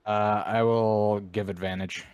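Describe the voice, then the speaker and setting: A man playing a tabletop game, blunt and gruff. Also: lowish voice, little pitch movement, measured pace, darkish tone. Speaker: player.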